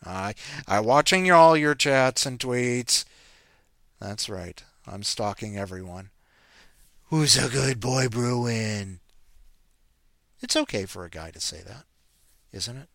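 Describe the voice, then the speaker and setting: A man's voice: on the low side, expressive, unhurried, a bit bright, no room sound. A man hosting a story show, rambling and joking between readings. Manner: self-mocking, jokey asides. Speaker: podcast host introducing stories. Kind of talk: rambling casual chat.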